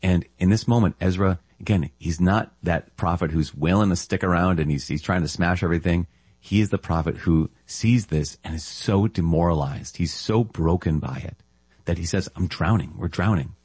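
Low, husky-voiced priest giving a sermon. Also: male voice, normal speed, a little mellow, no echo. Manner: conversational, with laughs and tag questions. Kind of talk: sermon on scripture readings.

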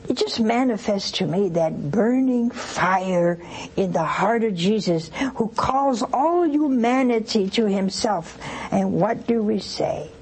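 A woman's voice: mid-range voice, lively intonation, slow, a little mellow, breathy edge, low-quality recording. An older woman, a nun hosting a call-in show, teaching devotion in an earnest manner and rousing her audience with questions.

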